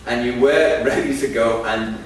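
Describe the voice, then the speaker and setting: Speaking at a moderate pace with medium pitch and fairly even intonation, a preacher shares a self-deprecating, funny story during a sermon. The large hall is echoey, the mic is distant, and background noise is audible.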